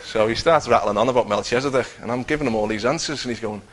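A man's voice: mid-range voice, fast, rough recording. A man telling a personal faith testimony in a conversational way, acting out what he and others said. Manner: conversational, acts out his own quotes, many restarts.

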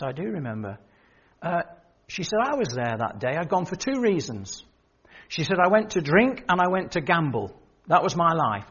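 An older man preaches and tells stories, voicing the people in them as he goes. His voice is a little high and husky. The recording sounds muffled and lo-fi. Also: fairly bright tone. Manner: storytelling, quoting others, rising emphasis. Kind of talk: sermon with anecdotes. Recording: dull lo-fi sermon recording.

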